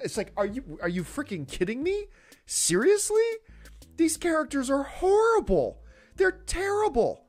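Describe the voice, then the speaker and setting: Exasperated man ranting with lively swings. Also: very high-pitched, a little slow. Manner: exasperated, emphatic, sarcastic. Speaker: host. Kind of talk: opinion rant.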